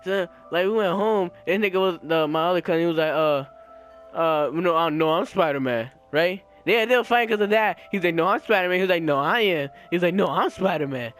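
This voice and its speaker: A young man telling a story in casual chat, slangy and profane, animated and laughing, acting out the people he quotes. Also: high voice, brisk, soft background music. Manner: slangy, profane, repeats filler "right?".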